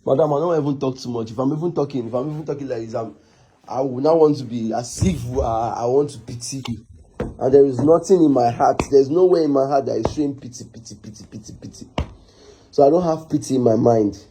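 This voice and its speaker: A young man with a Nigerian accent, angrily scolding and shouting in a Nollywood drama scene. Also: medium pitch, quick pace, a little hiss or hum. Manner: angry, scolding, repetitive. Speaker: actor.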